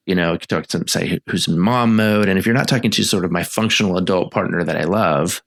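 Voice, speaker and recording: A man's voice: low-pitched, quick pace, gravelly, fairly bright tone. A middle-aged man co-hosting a marriage therapy podcast, chatting casually and acting out quoted lines. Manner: conversational, acts out quoted lines. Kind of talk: casual chat.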